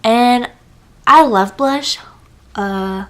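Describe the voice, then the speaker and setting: Speaking slowly in a fairly high voice, a young woman vlogger walks through her makeup routine in a casual tutorial chat. She's chatty and gushing, and her speech is full of fillers.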